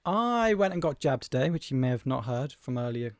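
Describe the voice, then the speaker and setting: A young man co-hosting a casual podcast, jokey, with quick interjections. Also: medium pitch, very animated, dry recording, studio quality. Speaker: podcast co-host. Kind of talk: casual chat.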